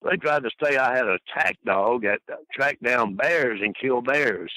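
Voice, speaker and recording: Older guy telling wild folksy stories, bright punchy voice, dry sound. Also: medium pitch, normal speed, no echo, poor audio. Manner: colorful, folksy, laughs at his own stories. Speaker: interview guest. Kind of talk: rambling anecdotal storytelling.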